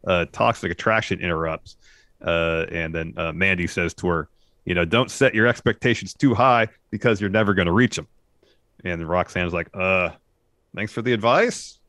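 Very deep-voiced deadpan man recapping. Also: moderate pace, no echo. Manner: dry, deadpan quips. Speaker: podcast co-host. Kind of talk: casual wrestling recap chat.

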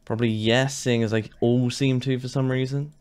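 A man's mid-range voice, clear, resonant and a little mellow, holds a fairly even intonation at a moderate pace. As a gaming YouTuber, he rants and swears in exasperation during casual gameplay commentary.

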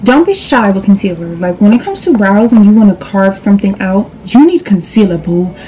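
A woman's voice: mid-range voice, lively intonation, brisk, warm tone, a little hiss or hum, poor audio. A young woman from New York chatting casually through a makeup tutorial, sassy and direct, calling viewers girl and boo. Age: young adult. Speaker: beauty vlogger. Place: indoors at a vanity.

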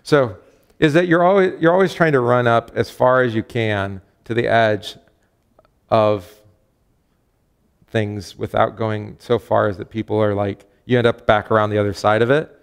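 A man's voice: on the low side, fairly even intonation, normal speed, gravelly, clean tone. A man, a pastor, leading a casual Bible study, chatty and self-correcting, reading scripture aloud with emphasis.

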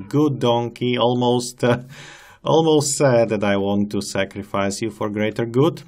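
A man's voice: medium pitch, steady tone, a little slow, a little mellow. A man giving casual gameplay commentary as a channel host, chatty and amused as he coaxes animals along.

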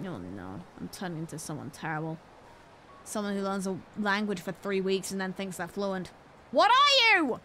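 A woman's voice: medium pitch, lively intonation, normal speed, long pauses, slight background noise. A woman streaming a game, chatting playfully, joking at herself and laughing often. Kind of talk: casual game-stream commentary.

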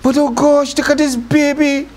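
A man voicing a flustered, excitable young royal woman who keeps exclaiming. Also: high voice, normal speed, voice pushed up, close to an everyday voice. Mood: excited.

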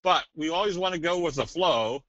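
A man presenting a trading webinar in a casual, folksy, joking way with a salesy pitch. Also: expressive, a little fast, fairly bright tone, no echo. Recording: dull dry webinar audio.

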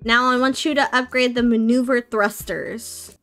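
A woman's voice: fairly high pitch, steady tone, normal speed, a bit bright, faint music behind. A woman giving casual let's-play commentary, chatting to viewers and playfully scolding her game characters. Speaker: gameplay streamer.

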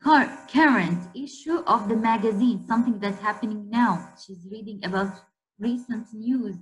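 A woman's voice: mid-range voice, soft background music, low-quality recording. A woman teacher giving a spelling lesson to a class, repeating each word and stopping to ask the class questions. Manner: repeats words slowly and emphatically, asks class questions.

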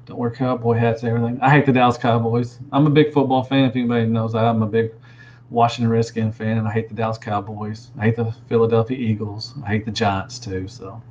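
A man's voice: mid-range voice, flat delivery, fast, a little mellow, slight background noise. Chatty man with dull lo-fi sound. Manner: rambling, chatty, answers viewers. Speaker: toy reviewer. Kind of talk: casual livestream chat.

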